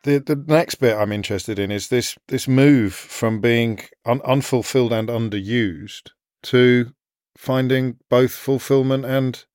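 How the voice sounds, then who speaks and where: A man interviewing a guest, asking measured, probing questions. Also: mid-range voice, a little mellow, dry recording, clean studio sound. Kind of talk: conversational interview.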